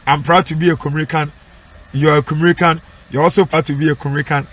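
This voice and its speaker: A man's voice: on the high side, fairly even intonation, quick pace, fairly bright tone. A man with a Ghanaian accent preaching as an evangelist, emphatic, mixing English with Twi and asking his listeners to repeat his points back. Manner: emphatic, repeats lines and asks "What I say?" for response. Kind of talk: street-style preaching and advice.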